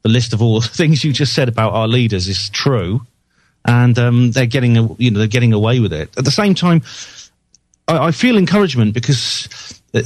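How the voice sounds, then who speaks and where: A man's voice: medium pitch, no room sound. A man, a guest on a radio talk show, speaking conversationally with hesitant restarts. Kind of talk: casual interview chat.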